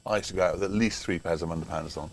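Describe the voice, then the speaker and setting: A man's voice: low-pitched, steady tone, racing, gravelly. An older man commentating on a local cricket match in a chatty, rambling way, full of anecdotes. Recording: faint background noise.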